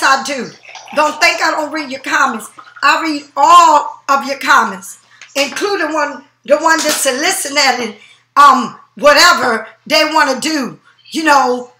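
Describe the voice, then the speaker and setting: Woman, bright sharp voice, profane confrontational rant, slow emphatic stresses. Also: high-pitched, roomy sound. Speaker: tarot reader. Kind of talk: angry rant to camera. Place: home.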